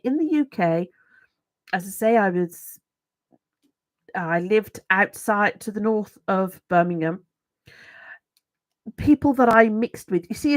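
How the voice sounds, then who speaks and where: Woman, Brummie accent, middle-aged, casual chat, self-deprecating, restarts a lot, mid pitch, dry recording. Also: no room sound. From England. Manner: chatty and self-mocking, with many restarts. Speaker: YouTube host.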